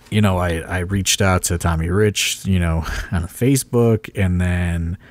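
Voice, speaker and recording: A man's voice: low voice, a little mellow, dry recording. A man hosting a podcast and rambling through a story, full of "like" and "you know". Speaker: wrestling promoter and podcast host. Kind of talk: casual storytelling chat.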